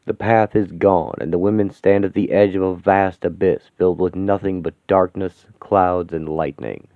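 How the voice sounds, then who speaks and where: A man narrating a radio-play comic in a low, dramatic voice. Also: steady tone, moderate pace, no echo. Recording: thin phone-like, dry sound.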